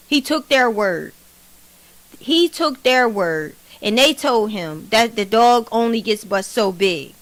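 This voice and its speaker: A woman giving blunt, animated gossip commentary as a vlog host. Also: on the high side. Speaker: commentary vlogger.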